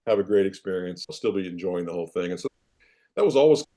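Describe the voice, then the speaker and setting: Brief: man, 50s, former coach as interview guest; lowish, mellow voice, storytelling. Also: fast. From Iowa, United States. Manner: animated, self-deprecating anecdotes. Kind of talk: casual storytelling in a podcast interview.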